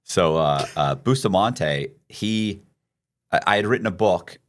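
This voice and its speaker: A man, a podcast host, telling a story in casual chat, excitable and profane with frequent restarts. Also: deep voice, a little slow.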